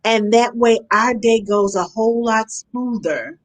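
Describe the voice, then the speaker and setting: A woman talking as a nanny in a casual conversation, animated and acting out the parents and children she describes. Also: on the high side. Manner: animated, acts out parents and kids in quick asides. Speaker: nanny guest.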